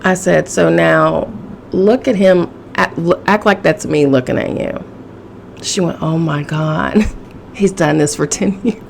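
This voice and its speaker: A woman's voice: on the low side, a little slow, gravelly, slight background noise. A woman hosting a casual solo podcast, sassy and profane, laughing often, with a chesty cough. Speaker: podcast host.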